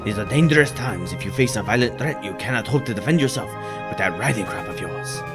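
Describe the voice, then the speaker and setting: A man voicing a stern, suspicious male bird inspector in a low, grave, put-on accent. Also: expressive, fast talker, over music, natural voice.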